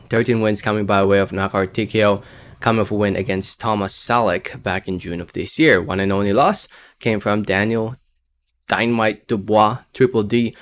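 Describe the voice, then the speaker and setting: A man's voice: lowish voice, a bit bright. A man talking casually to his viewers about who will win an upcoming boxing fight, hedging often with fillers like "um" and "I think.". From Philippines or United States. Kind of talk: casual prediction vlog.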